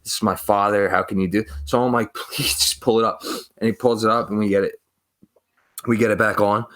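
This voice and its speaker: A man's voice: on the low side, steady tone, a little fast, a bit bright. A young man, telling profane, rambling stories on a podcast and acting out the people in them. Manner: profane, rambling, acts out quoted voices. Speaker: podcast co-host. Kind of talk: casual storytelling.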